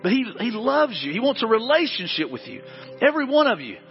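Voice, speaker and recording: A man's voice: extremely high pitch, huge pitch swings, fairly quick, big-room sound, dull audio, faint music behind. A man preaching a sermon as pastor in a church, earnest and repetitive as he pleads with the congregation. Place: church sanctuary.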